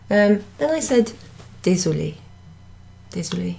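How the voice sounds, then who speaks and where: A woman's voice: fairly low pitch, animated, normal speed, creaky, warm tone, breathy edge. Chatty woman teaching French. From United Kingdom. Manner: chatty, self-correcting, laughs at her own slips. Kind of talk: beginner language lesson. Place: indoor room at a pub.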